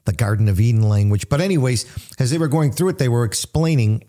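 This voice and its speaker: A man's voice: medium pitch, animated, fast talker, warm tone. A man hosting a casual radio talk, explaining in a teacherly way.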